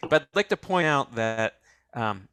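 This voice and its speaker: A man co-hosting a comedy show, dry and rambling with hesitant fillers, pitching a clip. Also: lively intonation, unhurried, a bit bright, clean tone, no echo. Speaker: co-host. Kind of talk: casual comedic chat.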